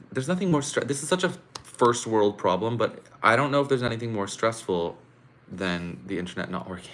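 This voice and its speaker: A man's voice: mid-range voice, lively intonation, normal speed, bright, forceful tone, a little hiss or hum. A man hosting a casual live stream from home, chatting with viewers and venting his frustration in an exclamatory way. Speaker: live-stream host reacting to a contest. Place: home room.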